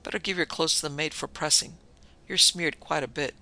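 A man's voice: on the high side, fairly even intonation, brisk, sharp tone. A man reading the part of a brusque, domineering wealthy husband who talks in curt commands.

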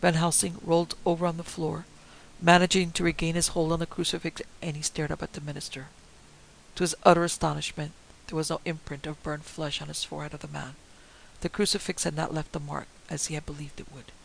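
Gravelly-voiced man narrating a story. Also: a little high, level tone, a little fast, poor audio. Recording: faint hiss.

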